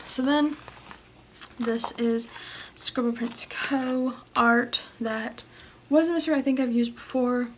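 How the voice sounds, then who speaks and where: Late at night at home, a tired young vlogger yawns as she rambles through her planner in a casual, chatty voice-over. Her fairly high voice is gravelly, with slight background noise, heavy fillers and frequent trailing into whispered asides.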